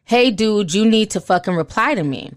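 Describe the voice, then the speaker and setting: A woman's voice: medium pitch, animated, moderate pace, no room sound, clean studio sound, lightly acted. A woman reading out a distraught young woman's pleading messages in an upset tone.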